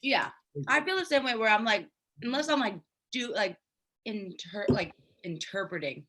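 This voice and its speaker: A woman's voice: medium pitch, animated, normal speed, pushed and bright. A woman from Delaware County, Pennsylvania, hosting a casual podcast chat and telling rambling stories with plenty of swearing, talking from an office. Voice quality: swears freely, rambling storyteller. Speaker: podcast host. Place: funeral home office.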